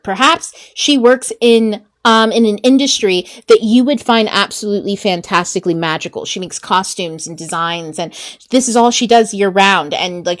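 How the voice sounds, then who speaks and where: A woman host and mindset coach teaching in a casual, chatty way, swearing freely and laughing through rambling asides. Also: fairly high pitch.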